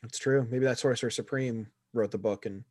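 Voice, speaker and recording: A man's voice: mid-range voice, steady tone, brisk, darkish tone, dry recording, clean studio sound. A man co-hosting a casual podcast chat, blunt and sarcastic, swearing freely as he sums up a show. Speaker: podcast co-host. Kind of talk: casual chat reviewing a series.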